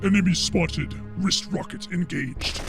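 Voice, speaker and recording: A man putting on a mock droid voice, calling out game actions in slow, clipped phrases over game gunfire and music. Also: high voice, creaky, pitched above the performer's own voice. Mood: mock robotic. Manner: slow, clipped callouts in a raised voice.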